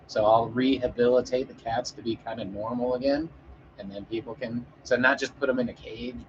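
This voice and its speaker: A man talks loosely and off the cuff to his audience, wandering between jokes and half-finished thoughts, with plenty of fillers and cursing. His voice sits mid-range in pitch. The sound is slightly dull and lo-fi, with a faint hiss of noise behind it. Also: steady tone, a little fast. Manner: rambling, joking, with frequent swearing and fillers. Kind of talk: casual chat with an audience.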